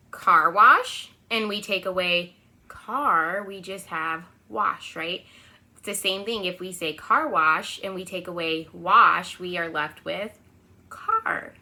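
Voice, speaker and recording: A woman leads a remote lesson for preschoolers, her voice bright and ringing. She keeps a bouncy, sing-song lilt and tosses a coaxing "right?" to the children every few phrases. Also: mid-range voice. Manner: lively sing-song, constant "right?" check-ins. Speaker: preschool teacher.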